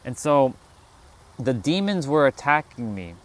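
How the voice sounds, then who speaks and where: Casting: a man streaming outdoors, casual and profane spiritual storyteller, mid-pitched voice. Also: sing-song, unhurried. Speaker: livestream host. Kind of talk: spiritual talk to a live chat. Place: outdoors, sitting on a rock.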